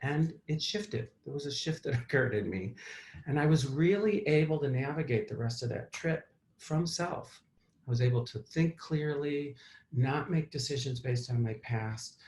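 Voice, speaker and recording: A man at mid pitch hosts a therapy talk and shares a personal story in an open, reflective manner. He pauses and restarts often. His voice sits in a roomy, echoing space. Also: darkish tone, slight background noise. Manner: candid and reflective, with fillers and restarts. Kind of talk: personal story told to an audience.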